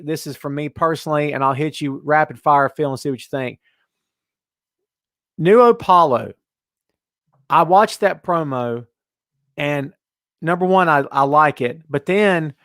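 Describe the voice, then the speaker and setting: Animated man hosting a wrestling show. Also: fairly high pitch, no echo, studio quality. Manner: animated, reads out chat comments. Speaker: podcast host. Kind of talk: casual wrestling talk show.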